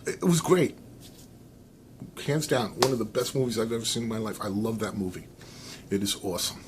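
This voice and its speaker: An American man talking casually to camera, rambling and animated, with many restarts and fillers, giving his opinions. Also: lowish voice, brisk, noisy background. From United States. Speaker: vlogger.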